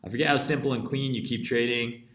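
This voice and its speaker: A man's voice: medium pitch, fairly even intonation, fast talker, fairly bright tone, echoey room. A man from rural Canada with a Canadian accent, ranting bluntly and profanely in a casual trading live stream while reading chat. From rural interior British Columbia, Canada. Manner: blunt and profane, heavy swearing.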